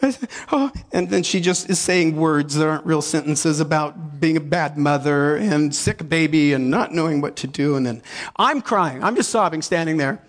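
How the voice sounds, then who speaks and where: A man preaching a sermon, telling a story with lively acted-out inner dialogue and frequent laughter, then leading a prayer. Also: fairly high pitch, moderate pace. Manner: animated, acts out inner dialogue, laughs often. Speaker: pastor.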